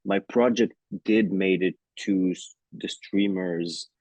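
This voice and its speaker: A man's voice: sits low, slow pace, darkish tone, no room sound. A man with an Israeli accent chatting playfully as an actor guest in a video-call interview, with many fillers and restarts.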